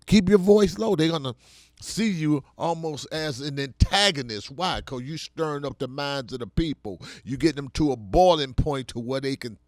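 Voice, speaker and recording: A man speaks in an impassioned, preaching style. His voice swells into loud, forceful bursts and then drops back. The sound is close and dry. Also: mid-range voice, moderate pace, dry recording.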